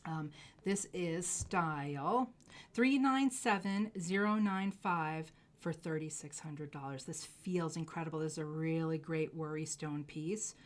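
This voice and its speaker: A woman hosting a live jewelry sales stream, gushing effusively over each piece and dropping into soft asides. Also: low voice, a little slow. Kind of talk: live shopping stream presentation.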